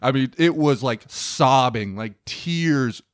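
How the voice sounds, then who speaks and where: A man's voice: mid-range voice, expressive, takes it slowly, no room sound, clean studio sound. A young man co-hosting a casual sports podcast, rambling with lots of fillers and laughing as he tells stories. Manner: rambling with many filler likes, laughs while telling. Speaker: podcast co-host.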